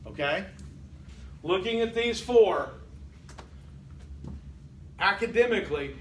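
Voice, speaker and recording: A man's voice: high voice, animated, slow, fairly bright tone. An older man lecturing a college class in a conversational way, often checking in with "Okay?" and quizzing the students. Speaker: college instructor. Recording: echoey classroom from far off, faint hiss.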